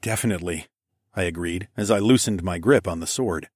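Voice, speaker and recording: A male narrator reads a first-person fantasy audiobook in a steady, even voice. His pitch sits on the low side. The recording is dry and close. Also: a little fast, no room sound.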